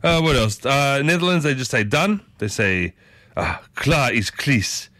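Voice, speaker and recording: A man's voice: medium pitch, big pitch swings, moderate pace, sharp tone, dry recording. An Australian man hosting a community radio show, talking in a chatty, enthusiastic way with his voice swooping upward. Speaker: radio host.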